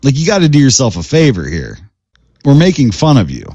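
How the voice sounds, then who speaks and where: Brash man from Ohio for a mocking debater, swinging pitch, dry close sound. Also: wildly swooping pitch, fairly quick, warm tone, breathy edge, no echo, lo-fi sound. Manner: mocking, brash, profane trash talk. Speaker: panelist. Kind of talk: heated political debate. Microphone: phone on a live stream.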